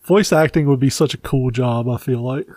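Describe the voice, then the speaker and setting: A man's voice: medium pitch, moderate pace, a little mellow, dry recording. A man co-hosting a podcast who tells crude, joking stories in casual chat. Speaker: podcast co-host.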